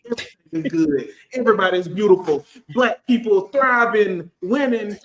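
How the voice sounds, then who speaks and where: A man in his thirties, a finance professional on a casual panel, talking in an animated, storytelling way. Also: high-pitched, normal speed, reverberant. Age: 30s. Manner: animated, storytelling, acts out quotes.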